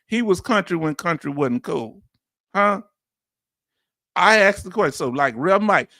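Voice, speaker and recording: A man with a Southern Louisiana accent giving an animated, preachy commentary as host, full of rhetorical questions and chuckles. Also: high-pitched, unhurried, pauses often, no room sound, clean studio sound. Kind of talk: casual commentary monologue.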